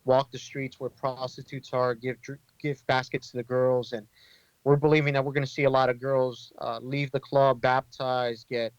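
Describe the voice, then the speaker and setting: A man leads an inner-city ministry and speaks as a podcast guest. His voice sits at a middle pitch and he talks earnestly, with lots of "um" and restarts. The sound is dry and a little dull. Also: little pitch movement, moderate pace, clear, resonant tone, dry recording. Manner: earnest, conversational, many fillers and restarts. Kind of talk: storytelling in a casual interview.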